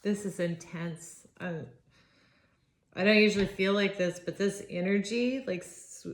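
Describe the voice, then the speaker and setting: A woman giving a spontaneous tarot reading, awed and halting, with frequent sighs and restarts. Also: mid-range voice, steady tone. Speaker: tarot reader. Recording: roomy echo with faint noise.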